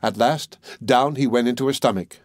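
A man narrating a fairy tale audiobook in a measured, even storytelling manner. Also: medium pitch, no echo, clean studio sound.

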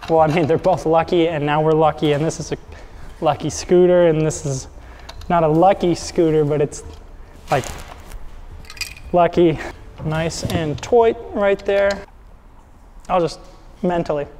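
A man's voice: fairly high pitch, steady tone, unhurried, pauses often, mellow, a little hiss or hum, natural voice. A man putting on a hammy, cheerful Irish accent as a jokey bearded builder. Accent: put-on Irish. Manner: playful, jokey sales patter. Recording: reverberant room, faint music.

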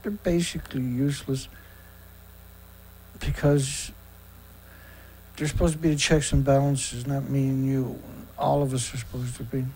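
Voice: medium pitch, little pitch movement, a little slow, long pauses, a little mellow, poor audio. A host of a daily news show reads news excerpts aloud and comments on them in a sarcastic, indignant way, often stumbling and repeating words.

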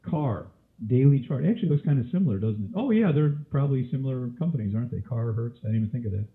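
Male trading instructor, mid pitch, a cough and a scratchy throat, quizzing style, tinny webinar audio. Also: animated, fast talker. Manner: quizzes listeners with frequent questions. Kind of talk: live webinar teaching.

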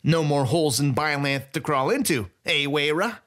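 A man voicing a skinny, grinning male thief who is sly and gleeful, in a high, drawn-out, cackling delivery for an audiobook. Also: fairly bright tone, natural voice. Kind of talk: audiobook character voice.

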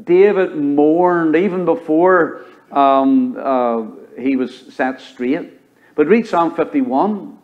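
Man, Southern US accent, pastor, sermon, fairly high voice, dull lo-fi church recording. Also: slow. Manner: swings from loud rising exhortation to low quiet emphasis. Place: church sanctuary.

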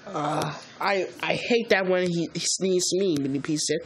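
A woman improvising a story narration with toys, halting and restarting mid-sentence. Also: on the low side, slight background noise.

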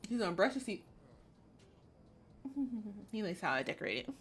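Woman streamer goofing on a life sim game, slangy and playful, pitch jumping all over the place. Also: big pitch swings, normal speed, slight background noise. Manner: playful, slangy, talks back to the game characters. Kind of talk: casual gameplay commentary.

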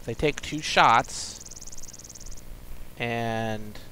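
A man streaming a video game live, talking to himself as he plays and breaking into loud, frustrated, swearing outbursts. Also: mid-range voice, very slow, a little hiss or hum, poor audio. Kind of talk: live gameplay commentary.

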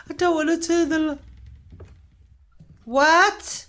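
A woman's voice: very high-pitched, takes it slowly, pauses often, a bit bright. A woman giving nervous, jumpy commentary while playing a horror game, swearing and laughing at her own frights. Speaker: gaming channel host.

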